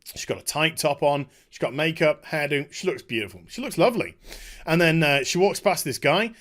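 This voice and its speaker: Guy ranting sarcastically over a video, pitch all over the place, high voice. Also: lively intonation, brisk, fairly bright tone. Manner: sarcastic, mocking, exasperated. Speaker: commentary channel host.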